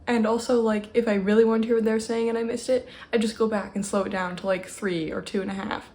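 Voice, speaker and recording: A woman's voice: a little high, level tone, fast talker, a little mellow. A young woman vlogging casually at home, rambling with lots of "like" fillers. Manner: chatty, rambling, many "like" fillers. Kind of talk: casual home vlog chat. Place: at home, in a room with a mini fridge. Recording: distant home camera with faint fridge hum. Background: humming mini fridge.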